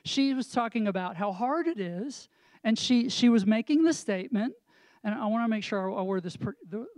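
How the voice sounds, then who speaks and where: A man with a high-sitting, darkish voice co-hosts a casual, pastoral-toned chat about marriage in his role as a counselor. He explains things reflectively using examples and rhetorical questions, and there's no echo.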